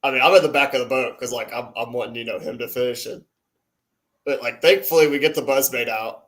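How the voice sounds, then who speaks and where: A man's voice: medium pitch, fairly quick, fairly bright tone. A man co-hosting a casual talk stream, telling a story with lots of laughs and acted-out quotes. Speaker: co-host. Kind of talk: casual chat.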